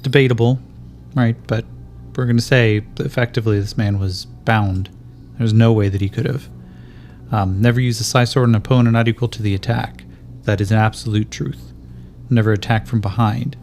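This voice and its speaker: A man's voice: lowish voice, steady tone, fairly quick, a little mellow, a little hiss or hum. A man running a tabletop game as game master, thinking aloud as he checks the rules and narrates the scene. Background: faint background music.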